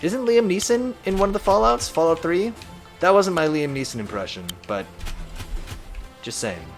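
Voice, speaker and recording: A man's voice: sits high, normal speed, music in the background. A man live-streaming a strategy game, chatting casually and reading viewer messages aloud. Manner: reads chat aloud, chatty and animated.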